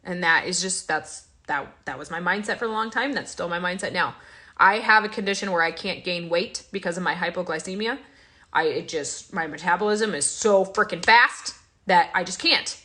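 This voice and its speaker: A woman's voice: on the low side, normal speed, bright, forceful tone. A young woman hosting a casual vlog, talking in an emotional, confiding way with many fillers and restarts. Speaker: host.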